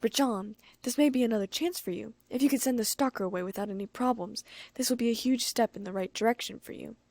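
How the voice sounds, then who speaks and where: A woman's voice: mid-range voice, lively intonation, normal speed, creaky, a little mellow, no room sound. Woman voicing a sly, teasing grown man. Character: playful teasing adult male writer.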